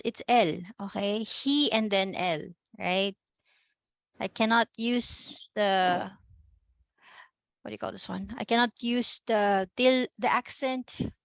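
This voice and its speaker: A Filipino-accented woman leads an online class at an unhurried pace and talks patiently through each point. She slips between English and Tagalog and keeps checking in with her students. Her computer mic sounds close and dry. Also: medium pitch, fairly bright tone, dry recording. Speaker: Spanish teacher.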